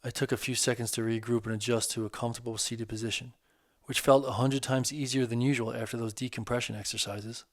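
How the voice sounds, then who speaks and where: A man narrating his own first-person novel in a steady, measured way. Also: medium pitch, no echo, studio quality. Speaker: author and narrator.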